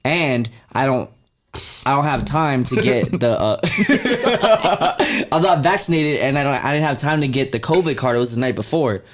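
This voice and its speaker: A man's voice: medium pitch, fairly quick. A young man co-hosting a podcast in casual chat, laid-back and rambling, laughing as he explains himself. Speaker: podcast co-host.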